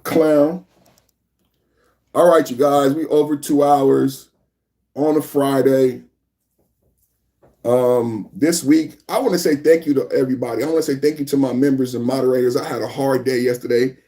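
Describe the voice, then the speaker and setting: A man hosting a live political podcast, talking in a mocking, animated way that repeats his points over and over. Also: medium pitch, moderate pace. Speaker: podcast host. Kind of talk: live-stream political commentary.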